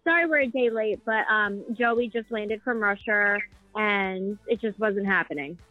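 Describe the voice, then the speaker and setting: A woman's voice: medium pitch, measured pace, no room sound, faint music behind. Chatty woman on a tinny line. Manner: chatty, swearing, tells stories with quoted voices. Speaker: podcast co-host. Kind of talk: casual gossip chat.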